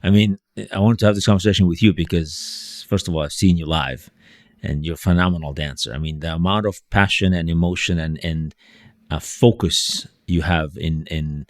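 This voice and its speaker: A man's voice: deep voice, steady tone, moderate pace, dry recording, studio quality. A man hosting a podcast interview, asking rambling questions full of restarts and fillers. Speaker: podcast host.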